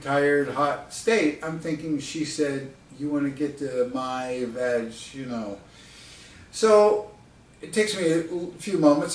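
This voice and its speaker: Casual storyteller: chatty American man, slightly high voice, sounds distant in an echoey room. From United States. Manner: chatty, laughing often, with fillers and asides. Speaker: storyteller and author. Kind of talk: casual spoken anecdote.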